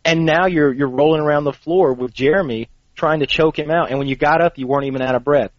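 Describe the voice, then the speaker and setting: A man's voice: fairly high pitch, quick pace, no echo. A man encourages a friend about his training progress, rambling and restarting as he goes. His voice is dry and close, with a slightly dull, lo-fi quality. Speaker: fitness mentor. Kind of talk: earnest group conversation.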